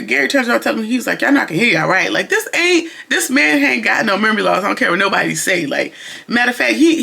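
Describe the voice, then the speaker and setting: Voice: mid-range voice, gravelly, sharp tone. A TV reviewer recapping an episode in casual, sassy commentary, full of exasperated slangy asides.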